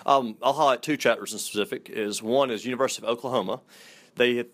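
A man's voice: mid-range voice, fast, a bit bright. A young man from Mississippi with a Southern accent, a fraternity staffer answering interview questions in a friendly, matter-of-fact way.

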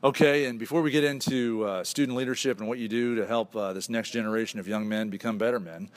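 A man's voice: medium pitch, steady tone, fast. A male radio host with a mid-range voice. He asks enthusiastic, rambling questions, piling up restarts as he goes. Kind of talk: radio interview.

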